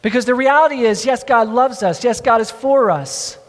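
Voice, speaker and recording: A man's voice: extremely high pitch, normal speed. A man preaching a sermon, reading scripture aloud and calling on the congregation to repeat the words after him. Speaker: pastor. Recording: long hall reverb.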